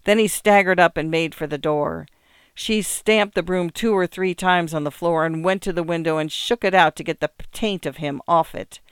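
A woman reading short stories aloud for radio, measured and expressive. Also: on the low side, smooth, no room sound, studio quality. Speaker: radio reader and host. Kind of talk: scripted narration of short stories.

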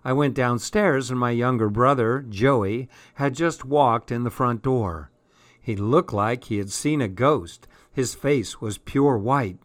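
Slow, steady male story reader. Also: mid-range voice, no echo. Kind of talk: storybook reading.

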